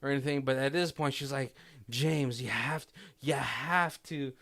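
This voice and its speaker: A man's voice: medium pitch, steady tone, measured pace, a bit bright. A man casually recapping a film on a podcast, rambling and acting out characters' lines with bursts of laughter. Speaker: podcast co-host. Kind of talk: casual movie commentary chat.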